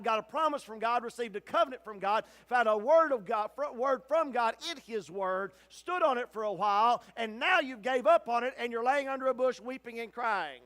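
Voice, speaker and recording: High-pitched, impassioned male pastor. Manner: impassioned, bursts into shouting at peaks. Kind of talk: interactive bible study sermon. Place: church sanctuary.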